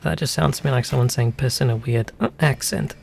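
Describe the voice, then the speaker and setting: Gravelly man streaming games. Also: medium pitch, brisk, a little hiss or hum. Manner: musing, chatty, wanders off on tangents. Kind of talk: casual gameplay commentary.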